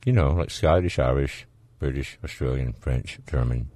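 Southern male radio host, very low voice, folksy and easygoing, dry close mic. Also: moderate pace, warm tone, no room sound. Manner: folksy, laid-back, chuckling. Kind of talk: casual call-in radio chat.

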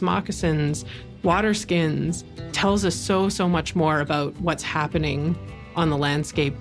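A woman explaining in a documentary interview, engaged and emphatic. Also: deep voice.

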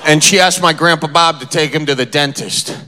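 A man's voice: on the high side, fairly quick, bright, forceful tone. A man from the American Midwest doing a playful stand-up set on a theater stage, telling family stories and acting out his grandparents. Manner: storytelling, playful, acts out family members. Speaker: stand-up comedian. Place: theater stage with live audience.

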